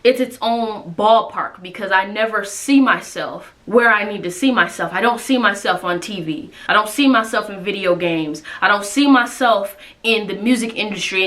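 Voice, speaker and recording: A woman's voice: medium pitch, fairly bright tone. A woman in her twenties telling a personal story to her viewers in a candid, casual way. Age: 20s. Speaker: vlogger.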